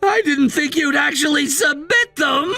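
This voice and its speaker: A man voicing a controlling, scornful husband in a text-message story, dismissive and given to shouting. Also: high-pitched, very animated, measured pace, vocal fry, faint music behind, heavily acted. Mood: angry, scornful. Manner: bossy and dismissive, shouting at times.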